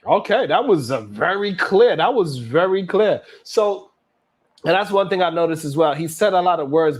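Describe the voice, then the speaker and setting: A man hosting a live stream, giving blunt, slangy, opinionated commentary on a clip. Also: a little high. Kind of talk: casual reaction commentary.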